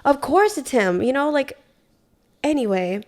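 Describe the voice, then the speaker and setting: A young woman, a podcast guest, telling a story in casual chat, animated and swearing often, acting out what people said. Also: sits high, a little slow. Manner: animated retelling, heavy swearing, acts out quotes. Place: Hawaii.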